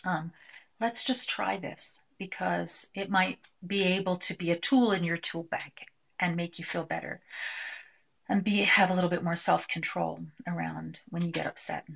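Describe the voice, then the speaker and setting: A woman presenting a live workshop, talking through a technique with many pauses and fillers. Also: fairly low pitch, fairly even intonation, vocal fry, fairly bright tone. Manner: hesitant, filler-heavy, demonstrates by voicing a client. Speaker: clinician presenting a tapping technique.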